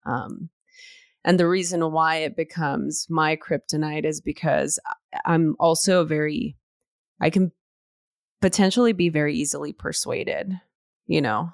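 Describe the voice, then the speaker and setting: A woman's voice: sits low, fairly even intonation, a little slow, no room sound, clean studio sound. A woman from East Los Angeles, a podcast guest and author, talking earnestly and reflectively in an interview and rephrasing her thoughts as she goes. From East Los Angeles, USA. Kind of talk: conversational interview.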